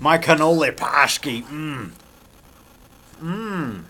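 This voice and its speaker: A horror filmmaker and actor from the Chicago area speaks slowly in a fairly high, pushed, bright voice with lively intonation. In a casual vlog shot in a small framing shop, he rambles, promotes himself, and repeats himself like a showman, with slight background noise.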